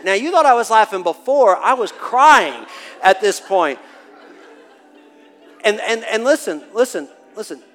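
A man in his forties preaching a sermon and telling a family story, animated, swinging from hushed to loud and laughing. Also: high voice, moderate pace. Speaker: pastor. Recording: long hall reverb with faint music.

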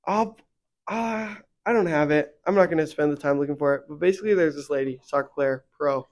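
A fairly high-pitched young man talks briskly as co-host of a faith podcast. He rambles in a casual, filler-heavy way, becoming heated and animated as he vents.

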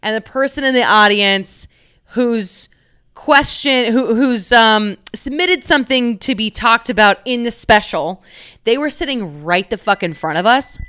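A woman's voice: a little high, pushed and bright, clean tone. A young woman hosting a solo podcast, chatting casually with lots of fillers, swearing and giggles as she tells a story. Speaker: podcast host.

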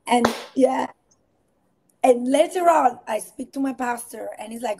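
Animated woman, higher pitch. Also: moderate pace, slight background noise. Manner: animated storyteller acting out quotes. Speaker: podcast guest. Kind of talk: casual faith-based interview talk.

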